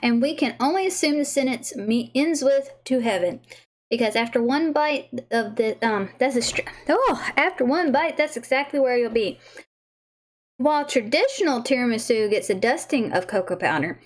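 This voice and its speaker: A woman's voice: fairly high pitch, expressive, normal speed. A woman hosting a casual livestream, bubbly and giggly, who stumbles over words as she reads aloud. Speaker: livestream host tasting snacks.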